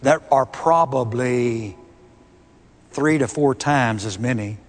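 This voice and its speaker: A man's voice: mid-range voice, slow pace, in a large hall. A man preaching a sermon, emphatic and repeating key words with rising force.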